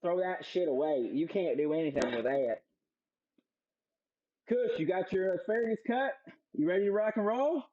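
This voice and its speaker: A young man cooking in his home kitchen on a live stream, joking loudly, swearing and chatting to viewers. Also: sits high, normal speed, long pauses, no room sound, muffled recording. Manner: loud, profane, joking, reads chat aloud. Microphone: streaming setup with several cameras.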